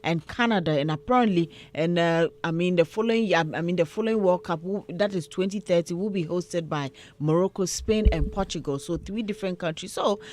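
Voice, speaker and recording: A woman's voice: on the low side, brisk, few pauses, darkish tone. A woman hosting morning radio, explaining a news item and putting questions to listeners. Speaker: radio co-host. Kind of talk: casual morning radio chat.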